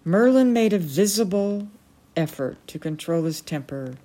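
A woman reading a novel aloud as a storyteller, measured and unhurried. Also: fairly low pitch, animated, mellow.

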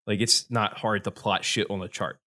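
A man's voice: fairly low pitch, fairly even intonation, moderate pace, pushed and bright. Rambling, swearing podcast host, a man. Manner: rambling, swears freely, laughs often. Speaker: podcast host presenting slides. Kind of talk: casual podcast chat.

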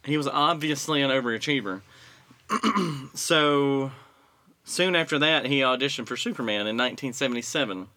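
Bright-voiced man telling a story. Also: medium pitch, expressive, normal speed. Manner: storytelling, easygoing, frequent throat clearing. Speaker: podcast co-host telling a story. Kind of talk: casual chat.

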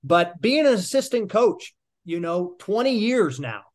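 A man's voice: high voice, big pitch swings, a little slow. Hyped encouraging male podcast host. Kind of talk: podcast interview.

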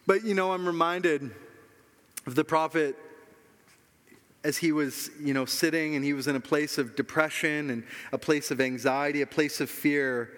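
A man's voice: a little high, steady tone, moderate pace, a bit bright, big-room sound. A man preaching a sermon as pastor, earnest and emphatic, repeating key phrases for weight.

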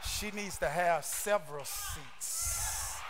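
A man preaching a sermon with fervor, often shouting and throwing rhetorical questions at his listeners. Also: high voice, wildly swooping pitch, slow pace, noisy background. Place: church service streamed online.

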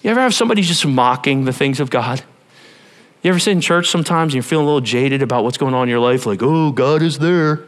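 A man preaching a sermon to a church congregation, animated and playful, talking straight to the people in front of him. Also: mid-range voice, very fast. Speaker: pastor.

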